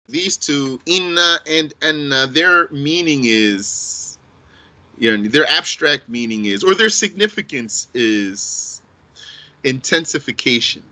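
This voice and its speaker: Slow, bright-voiced male grammar teacher. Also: mid-range voice, animated, rough recording. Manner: explains slowly, repeats key phrases, quizzes the class with a countdown. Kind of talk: classroom grammar lesson.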